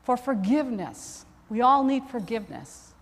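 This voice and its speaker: A woman's voice: a little high, big pitch swings, normal speed. Woman priest preaching in a reverberant church. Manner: conversational, self-deprecating humor. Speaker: Episcopal priest. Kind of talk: sermon with personal storytelling.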